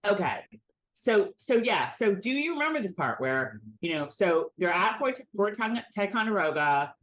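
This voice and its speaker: A woman co-hosting a casual recap podcast, chatty and animated, with frequent restarts. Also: medium pitch, normal speed, slight background noise. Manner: lively, chatty, with frequent restarts and self-mocking impressions. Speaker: podcast co-host.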